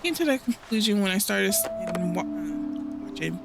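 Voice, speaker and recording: Rambly gamer girl w a highish voice, laughing a lot, music playing under her. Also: animated, normal speed, gravelly. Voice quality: fairly high-pitched voice. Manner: rambling, laughs often, self-interrupting. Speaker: gaming channel host. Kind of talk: casual chatty let's play commentary. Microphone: home desk microphone. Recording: game music behind the voice.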